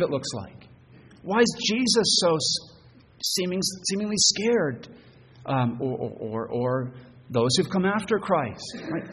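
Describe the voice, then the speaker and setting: A man preaching a sermon as pastor, earnest and halting, often repeating words as he goes. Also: fairly high pitch. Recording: long church reverb, faint noise.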